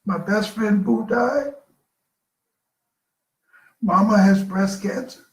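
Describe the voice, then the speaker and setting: An older man giving a live motivational talk, telling personal stories with dramatic pauses. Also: high voice, roomy sound. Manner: storytelling, slow with dramatic pauses. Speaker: motivational speaker.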